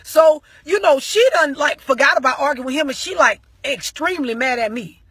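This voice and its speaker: A woman vlogger telling a story as an animated rant, full of slang and heavy profanity. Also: high voice, moderate pace, no echo, clean studio sound.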